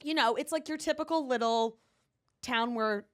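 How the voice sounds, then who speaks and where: A woman co-hosting a chat show, with a voice that sits a touch high for a woman. She talks in a playful, teasing way that keeps the banter rolling. Her sound is dry and close, with no room around it. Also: no echo. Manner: chatty and teasing, with a quick playful delivery. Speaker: podcast co-host. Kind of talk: casual chat.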